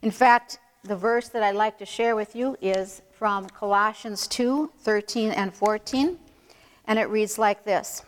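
A woman preaching a sermon in an earnest, emphatic way, slowing down to stress key phrases. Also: mid-range voice, clear, resonant tone, long reverb tail.

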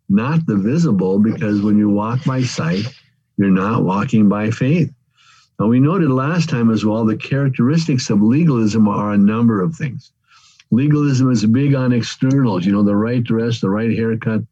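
A man preaches from the pulpit in a mellow, slightly husky voice, addressing his hearers as friends as he works through numbered points. The recording is dry and a little dull, with the high end rolled off. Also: no echo. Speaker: pastor. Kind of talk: sermon.

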